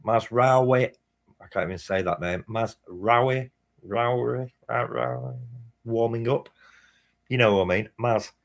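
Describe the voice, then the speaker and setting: A man's voice: on the low side, a little slow, vocal fry. A man hosting a live match watchalong, chatting casually, swearing and reading chat messages aloud. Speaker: fan channel host.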